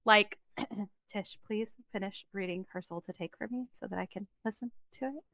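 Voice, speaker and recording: This young woman co-hosts a podcast, chatting casually and talkatively with lots of emphasis and quick asides. Her mid-range voice has a fairly bright tone, and there's no echo.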